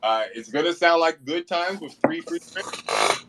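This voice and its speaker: A man's voice: a little high, lively intonation, a little slow, noisy background. A man in his thirties, a comedian guest, telling stories in an easygoing, self-deprecating way with chuckles. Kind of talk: casual storytelling.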